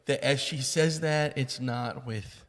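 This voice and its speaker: A man's voice: medium pitch, takes it slowly, in a large hall. A man co-hosting a church podcast, telling a personal story in casual conversation, rambling along with plenty of fillers.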